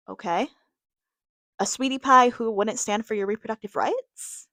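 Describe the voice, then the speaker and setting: A young woman hosts a podcast in a slightly high, bright, forceful voice at normal speed, recorded cleanly in a studio with no echo. She rants candidly about her opinions, swearing freely, laughing, and addressing her viewers directly.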